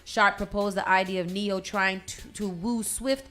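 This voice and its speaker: A woman's voice: mid-range voice, steady tone, a little slow, pushed and bright, faint music behind. A woman hosting a morning radio show, reading entertainment news and riffing on it with sassy commentary. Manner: reads news items then riffs with sassy commentary. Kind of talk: casual morning radio chat.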